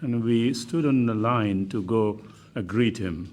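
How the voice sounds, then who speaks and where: An older man chairing a formal hearing, speaking slowly with many ums and uhs. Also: fairly low pitch, darkish tone. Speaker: commission chair.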